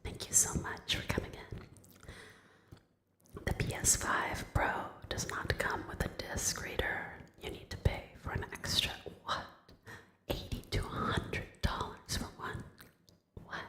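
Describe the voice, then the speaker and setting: A woman's voice: measured pace, bright, forceful tone. Whispering woman streamer, echoey room. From Tasmania, Australia. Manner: chatty, joking asides to chat. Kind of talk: whispered ASMR chat. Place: home den.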